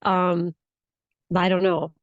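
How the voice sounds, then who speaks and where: A woman's voice: fairly low pitch, level tone, slow, no echo, dull audio. A woman co-hosting a casual chat podcast from the United States, rambling and restarting her sentences. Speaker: podcast co-host.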